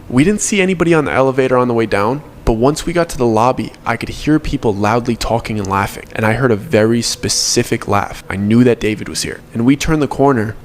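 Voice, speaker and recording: A man's voice: mid-range voice, slight background noise. A young man narrating a personal story in the first person, earnest and confessional, now and then correcting himself.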